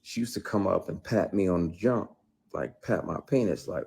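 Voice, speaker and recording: A man's voice: sits low, normal speed, vocal fry, a little mellow, breathy edge. A man, an actor, talking unscripted to his viewers in a heated, blunt and profane way, hammering points with repeats. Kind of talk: unscripted live-stream talk to viewers.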